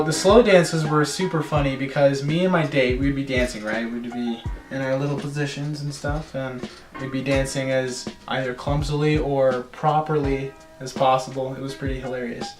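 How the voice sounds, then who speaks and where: A young man in his teens telling a story in a casual vlog, animated and chatty, slipping into silly voices now and then. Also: medium pitch, echoey room. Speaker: storytelling vlogger.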